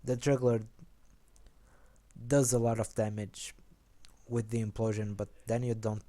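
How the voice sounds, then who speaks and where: Young male host, low-key and rambling, slightly low mellow voice. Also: little pitch movement, normal speed. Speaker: host of a card game deck video. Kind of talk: casual rambling explanation.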